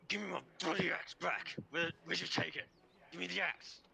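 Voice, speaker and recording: A man's voice: on the low side, moderate pace, a crowd in the background, lightly acted. An Australian man voicing a surly, tied-up male prisoner who grumbles and mutters, over an online call. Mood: angry. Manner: grumbling, hesitant, drops to a mutter.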